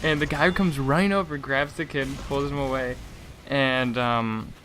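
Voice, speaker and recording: A man's voice: medium pitch, fairly even intonation, normal speed, fairly bright tone, a little hiss or hum. A young man casually ranting through a story, with lots of fillers, restarts and laughing asides. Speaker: gaming channel host.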